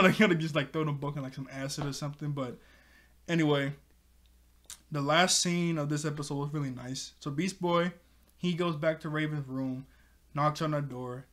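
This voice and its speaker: A man's voice: on the high side, fairly even intonation, normal speed. A young man casually recapping a cartoon episode, rambling and correcting himself as he goes. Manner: rambling, self-correcting, chuckles often. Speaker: TV episode reviewer.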